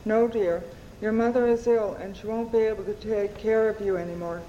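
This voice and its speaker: A woman voicing a kindly, calm female social worker in a soft, soothing way while reading her novel aloud. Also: medium pitch, normal speed, in a large hall, dull audio, slight background noise, natural voice. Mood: gentle.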